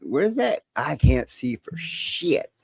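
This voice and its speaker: A bawdy, teasing woman hosts a live call-in stream, laughing often as she jokes around. Her pitch swings up and down all the time. The sound is dry and close, with no room echo. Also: big pitch swings, slow, gravelly, a little mellow, breathy edge. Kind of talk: joking live-stream chat.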